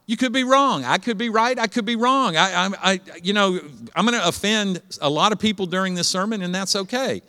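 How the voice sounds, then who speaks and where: A man's voice: sits high, a little fast, few pauses, sharp tone, clear, resonant tone, in a large hall. A man preaching a sermon as pastor, chatty, throwing questions at the congregation. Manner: conversational, asks the congregation questions.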